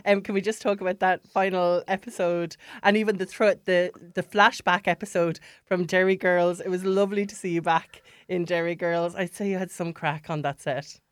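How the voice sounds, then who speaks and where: A woman's voice: lowish voice, fairly even intonation, moderate pace, few pauses, no echo. Chatty woman radio host. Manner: friendly and chatty, laughs along and asks leading questions. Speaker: radio presenter. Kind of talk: casual radio interview.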